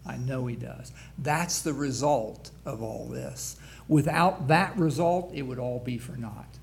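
A man's voice: medium pitch, measured pace, vocal fry, few pauses, a little hiss or hum. A man pastor preaching a sermon, reading scripture aloud with rising emphasis and frequent restarts.

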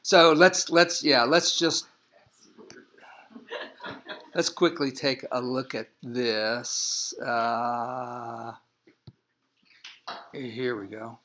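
Halting, slow-talking male teacher. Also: mid-range voice, steady tone, bright, forceful tone. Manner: hesitant, repeats words, many fillers. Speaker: bible teacher. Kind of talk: classroom teaching.

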